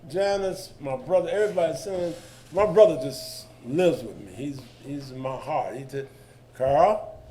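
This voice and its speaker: This is an older man, telling stories on a panel in a lively, colloquial way. His voice sits a touch high for a man, and he slips into the voices of the people in his stories. A faint hiss of noise runs under the recording. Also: moderate pace. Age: 70s. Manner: animated, colloquial, jumps into voices of others. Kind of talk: storytelling panel talk.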